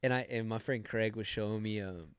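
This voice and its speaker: A young man from Arizona, a podcast guest telling travel stories in casual chat, animated and swearing, loudly acting out quoted voices. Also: fairly low pitch, a little fast, clean tone, no room sound, clean studio sound. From Arizona, United States. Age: young adult.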